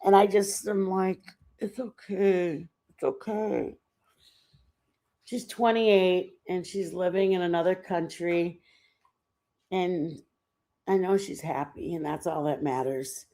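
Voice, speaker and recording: In a lowish, dark-toned voice, a middle-aged livestream host unhurriedly shares meandering stories from home. It's casual chat, loose and talkative, with lots of fillers.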